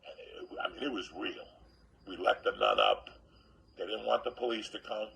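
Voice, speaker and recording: A man telling a profane comic story in a loud, animated way, acting out other people's lines. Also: on the low side, moderate pace, rough recording. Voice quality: gravelly.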